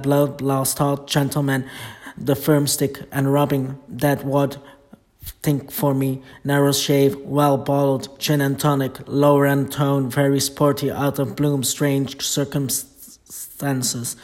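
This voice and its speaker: A man reading out a long alphabetical list of titles, one item after another in a flat, steady way. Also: medium pitch.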